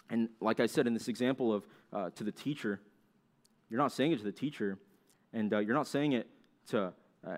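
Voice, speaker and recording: A young man giving a sermon to young listeners. He talks conversationally, asks them questions and briefly acts out complaining voices. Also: mid-range voice.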